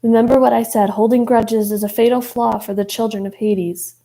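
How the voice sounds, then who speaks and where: A woman's voice: fairly high pitch, fairly even intonation, moderate pace, mellow, natural voice, rough recording. A woman voicing the solemn, warning ghost of a protective older sister.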